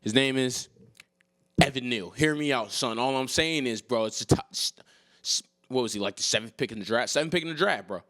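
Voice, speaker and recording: A man co-hosting a casual sports podcast, ranting and teasing in an animated way. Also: medium pitch, brisk, no room sound, studio quality. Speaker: podcast co-host.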